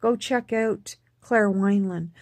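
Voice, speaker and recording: A woman talking casually in a personal vlog, halting with frequent restarts and repeating words for emphasis. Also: mid-range voice, a little mellow, no echo. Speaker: vlogger.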